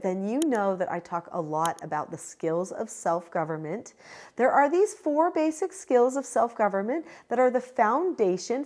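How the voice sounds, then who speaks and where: A woman hosting her own channel, giving parenting advice in a calm, measured and directive way. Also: a little high. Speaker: parenting educator and channel host. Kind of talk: direct-to-camera advice talk.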